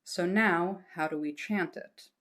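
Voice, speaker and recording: A woman's voice: fairly low pitch, a little slow, fairly bright tone. A woman teaching a lesson patiently, explaining step by step and reassuring her students, breaking into short chanted examples.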